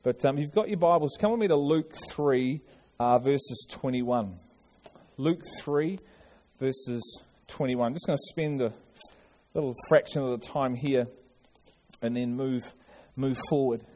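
A man's voice: mid-range voice, normal speed, mellow. A man preaching a sermon, earnest, often restarting and repeating his words. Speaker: pastor.

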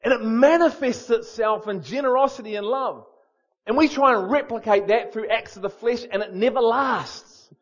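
High-voiced animated male preacher. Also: normal speed, dull audio. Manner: animated, storytelling, emphatic repetition. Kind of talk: sermon.

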